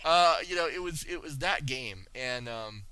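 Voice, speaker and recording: A man in his forties, a podcast guest, telling stories in a lively way with many stammers and restarts. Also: mid-range voice, moderate pace, rough recording. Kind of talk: casual storytelling.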